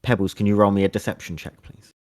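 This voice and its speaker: A man running a tabletop game as game master, giving brisk, directive calls for rolls. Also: lowish voice, fairly even intonation, a little mellow.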